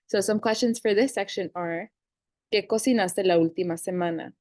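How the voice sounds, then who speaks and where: A young woman in her twenties teaching a casual grammar lesson, reading verb forms slowly and clearly. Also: mid-range voice, a little mellow, dry recording. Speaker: Spanish teacher.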